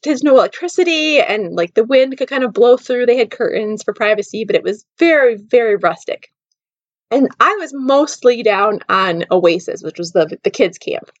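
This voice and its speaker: A woman's voice: medium pitch, dry recording, lo-fi sound. A woman hosting her own show, telling a personal story in a casual, chatty way with plenty of "like" fillers. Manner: casual, lots of "like" fillers, laughs while telling. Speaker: podcast host.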